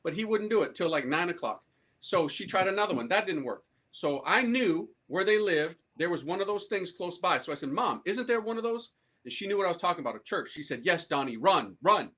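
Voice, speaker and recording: Telling his conversion story, this priest talks at a quick pace in a high, husky, fairly bright voice with lively intonation. His storytelling is animated and street-slangy, full of frequent laughter and acted-out voices of the people he quotes.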